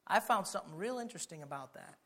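A male pastor delivers a fiery sermon. His voice sits high and sounds bright and forceful. He drops to quiet talk, then climbs into shouting. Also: expressive, fast talker.

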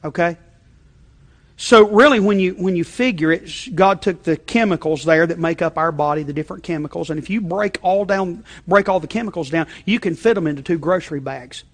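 A male pastor delivers a sermon in a chatty, conversational manner, often checking in with his listeners. His voice sits high for a man, and he swings from loud emphasis to low, quiet asides, with frequent restarts. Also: a little fast.

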